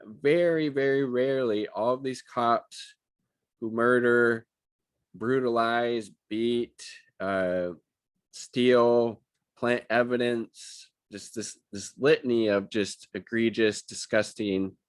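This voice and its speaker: A man's voice: medium pitch, steady tone, slow pace, clean tone, no echo. A man reading news items aloud and giving angry, profane, sarcastic commentary on them. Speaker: political commentator.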